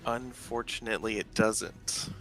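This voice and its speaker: A man's voice: on the low side, fairly even intonation, a little slow, a bit bright. A man narrating as game master of a tabletop game, loose and rambling with many fillers.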